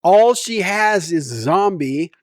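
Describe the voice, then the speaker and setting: A man's voice: high voice, animated, slow, no echo, clean studio sound. A middle-aged man talking to camera at home in a rambling, self-mocking way and laughing often. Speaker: vlogger. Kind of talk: rambling casual vlog.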